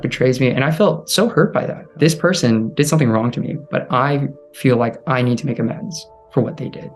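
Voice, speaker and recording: Young American man, mid-pitched, sharing a personal survivor testimony; soft-spoken, halting, filler-heavy; faint music under. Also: vocal fry. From California, USA. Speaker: abuse survivor sharing his story.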